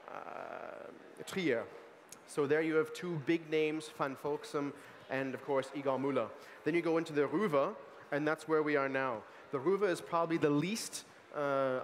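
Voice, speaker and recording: An American man in his young adult years leads a wine tasting with an animated, chatty manner, piling on asides and fillers. His voice sits a little high for a man. It rings out with a long reverb through a large hall, over a faint murmur of people. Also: slight background noise. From United States. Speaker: sommelier giving a wine tasting talk. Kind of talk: lively tasting presentation. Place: large hall at a food market event.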